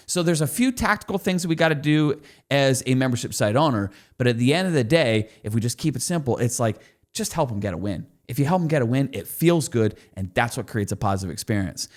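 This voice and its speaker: A man guest on a podcast, an enthusiastic storyteller explaining business lessons. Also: medium pitch. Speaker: guest expert.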